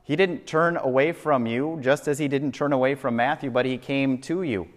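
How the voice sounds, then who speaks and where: A man's voice: mid-range voice, moderate pace. A male pastor preaching a sermon, emphatic and fond of repeating phrases for effect. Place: church sanctuary. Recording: long reverb of a church hall.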